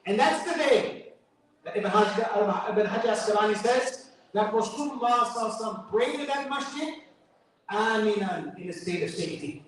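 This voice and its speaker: A man's voice: sits high, expressive, brisk, slight background noise. New york guy preaching, jokes around, quotes arabic, mic far off in a big echoey room. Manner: conversational preaching with joking asides and Arabic quotations. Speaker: guest speaker at a mosque fundraiser. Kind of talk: sermon.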